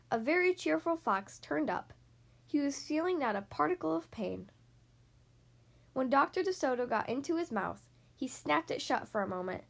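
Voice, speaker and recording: A woman reading a children's picture book aloud, slowly and expressively. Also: sits high, vocal fry. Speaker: reader.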